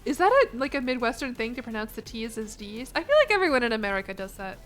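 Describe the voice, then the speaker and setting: A woman streaming a game, chatting casually in a rambling, jokey way full of quick asides. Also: on the high side, very animated, faint music behind. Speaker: VTuber streamer. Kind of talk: casual livestream commentary while gaming.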